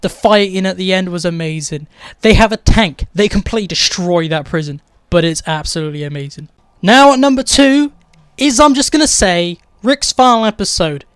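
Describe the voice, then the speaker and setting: A man's voice: high-pitched, expressive, brisk, a bit bright, clean tone, no room sound, studio quality. A man hosting a casual video, ranking his favourite episodes with gushing enthusiasm and plenty of superlatives. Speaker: video host.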